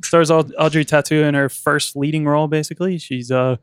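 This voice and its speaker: A man's voice: a little high, steady tone, brisk, clean tone, dry recording. Chatty male podcast co-host, dry studio sound. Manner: chatty, rambling, laughs often. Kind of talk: casual podcast chat.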